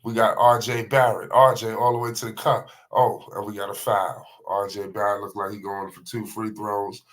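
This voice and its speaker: Low-voiced excitable livestream commentator man. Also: moderate pace. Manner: excitable, slangy, calls every pass by name. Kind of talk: live play-by-play commentary.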